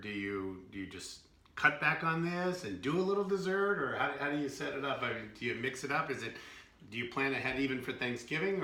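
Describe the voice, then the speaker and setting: A man from the Boston area co-hosts a casual cooking demo, chatty and full of jokes. His voice is very bright, in a middle pitch. The room carries a clear echo. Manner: joking, chatty, laughs often. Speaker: co-host.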